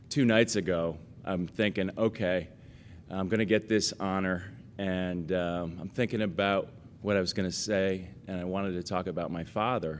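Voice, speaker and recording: Man, low voice, acceptance speech, storytelling, fillers, acts out quotes, faint noise. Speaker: award recipient giving acceptance speech. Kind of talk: casual anecdotal acceptance speech.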